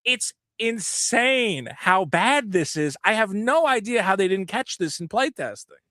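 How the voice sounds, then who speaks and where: A man co-hosting a podcast, ranting with animated, profane energy and quoting other players in put-on voices. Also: sits high, a little slow, no echo, clean studio sound. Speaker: podcast co-host. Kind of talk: casual podcast chat.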